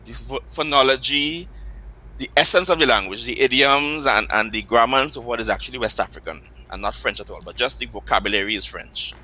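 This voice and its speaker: A man with a Trinidadian accent, his voice very bright and forward at a middling pitch. He talks as a language teacher in an interview, walking through examples with patient care. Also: a little fast, rough recording. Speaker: Patois teacher. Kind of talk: explanatory interview talk.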